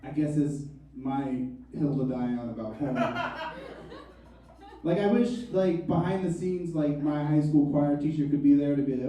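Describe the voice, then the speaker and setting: Comedian in his thirties, self-mocking and wry, with a soft, mellow tone; the recording is distant. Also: on the high side, animated, normal speed. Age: 30s. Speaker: stand-up comedian. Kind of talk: stand-up comedy set. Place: comedy club stage. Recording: echoey club, mic from far off.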